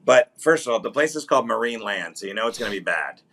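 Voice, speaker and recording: A comedian co-hosting a podcast, talking in a bright, forceful voice that sits a little low. He ribs his partner one moment and goes into long, rambling explanations the next, all in loose, casual chat. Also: lively intonation, fast talker. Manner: teasing, then explains at length.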